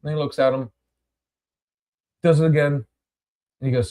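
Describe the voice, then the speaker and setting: A man's voice: a little high, fairly even intonation, normal speed, dark tone. A man hosting a podcast, telling a story in casual chat with rambling restarts and free swearing. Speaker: podcast host.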